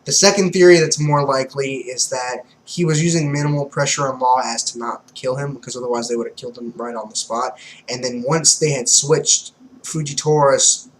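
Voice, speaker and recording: A man's voice: medium pitch, fairly quick, poor audio. Young guy hyped up talking manga, swears a lot, keeps laughing, faint hiss behind. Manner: excitable, profane, laughs often. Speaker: manga reviewer. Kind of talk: casual commentary.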